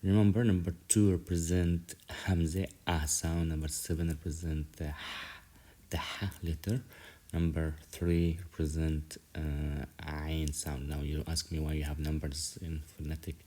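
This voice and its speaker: A man with a very deep, dark voice gives an online lesson. He talks slowly and patiently, repeating each phrase so learners can say it after him. His voice has a husky edge. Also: little pitch movement. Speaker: Arabic teacher.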